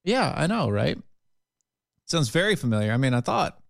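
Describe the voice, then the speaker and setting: A man co-hosting a podcast, chiming in with quick, wry remarks in casual political banter. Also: a little high, sing-song, vocal fry, a little hiss or hum. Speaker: podcast co-host.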